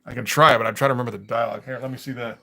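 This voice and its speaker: A man with a bright, forceful voice rambles through casual livestream chat. He laughs a lot and keeps restarting his sentences. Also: mid-range voice, fairly even intonation, racing. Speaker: comic artist livestreaming.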